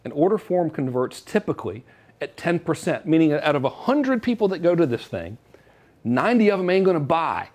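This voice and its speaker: A man's voice: on the high side, sing-song, fairly quick, darkish tone. A man giving a joking, salesy marketing talk straight to camera. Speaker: online marketing presenter.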